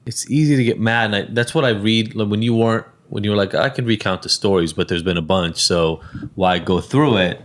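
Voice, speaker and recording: A man's voice: on the low side, fairly even intonation, brisk, a bit bright. A man hosting a podcast, chatting casually and conversationally with his guest. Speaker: podcast host. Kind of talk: casual chat.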